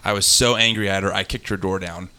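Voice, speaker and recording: A man's voice: sits low, fast talker, clean tone. A man hosting a casual podcast chat, joking and telling stories. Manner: joking, animated storyteller. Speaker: podcast host.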